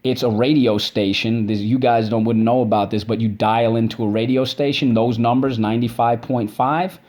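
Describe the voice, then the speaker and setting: A man's voice: mid-range voice, steady tone, darkish tone. A man teaching a vocabulary and spelling lesson. He breaks words into syllables and checks in with "okay?" after each point. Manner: drawn-out syllable drills.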